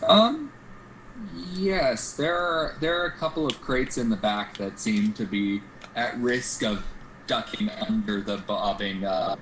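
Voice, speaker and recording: Low-voiced man running a tabletop game. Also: background noise. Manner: loose, casual narration with fillers. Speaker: game master.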